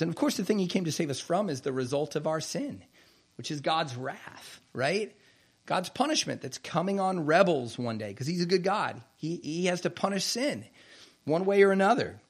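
A man delivers a sermon with a gravelly, fry-tinged voice that sits a little higher than most men's. He reads scripture aloud and slows down to press on the words that matter. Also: animated. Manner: slows down to stress key phrases. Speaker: preacher.

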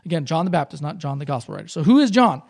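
A man with a notably high voice preaches a sermon at a church service. He teaches in a relaxed, conversational way, going back over each point so the congregation can follow. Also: racing, creaky. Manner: conversational, explanatory, repeats points for emphasis. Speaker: pastor.

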